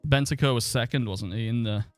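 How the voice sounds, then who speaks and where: A man's voice: mid-range voice, a little fast, dry recording, faint music behind. A man chatting and thinking aloud as he streams a football management game, swearing now and then. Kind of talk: casual live-stream commentary.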